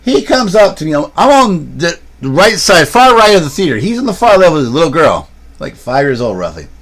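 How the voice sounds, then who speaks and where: A man with a high-leaning, sing-song voice streams and vlogs on a handheld camera, talking fairly quickly. His casual, rambling livestream talk spins a long story full of restarts and asides.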